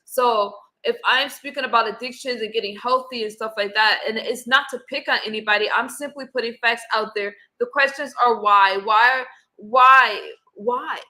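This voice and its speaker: Woman host, argumentative, bright and clear, a bit high. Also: fairly even intonation, a little fast, few pauses, rough recording. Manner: opinionated, argumentative. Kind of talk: casual panel discussion.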